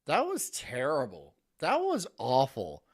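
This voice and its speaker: A man's voice: medium pitch, wildly swooping pitch, measured pace. A man streaming live, reacting to clips with casual, profane commentary and frequent laughter. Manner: profane, laughs often, talks to his partner off mic.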